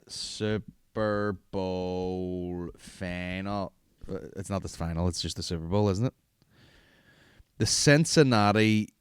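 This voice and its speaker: A man's voice: deep voice, clear, resonant tone, no room sound, clean studio sound. A man, hosting a podcast in rambling, profane, jokey casual chat. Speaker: podcast host.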